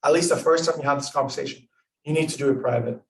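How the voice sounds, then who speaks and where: A man's voice: fairly high pitch, fast. A young man leading a casual club discussion, rambling with lots of fillers and acting out example lines. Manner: rambling, filler-heavy, acts out example dialogue. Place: club meeting room. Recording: echoey room, mic far off.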